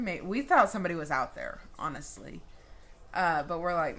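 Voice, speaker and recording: A woman vlogger telling a personal story in a casual, animated way, swearing freely. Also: lowish voice, normal speed.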